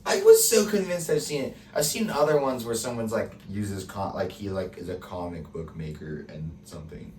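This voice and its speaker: A man's voice: fairly low pitch, big pitch swings, normal speed, few pauses, darkish tone. A young man co-hosting a casual podcast, swearing a lot and poking fun at himself as he guesses quiz answers. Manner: swears a lot, wry and self-mocking. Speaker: podcast co-host, quiz contestant. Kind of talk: casual chat. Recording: echoey room, distant mic, faint noise.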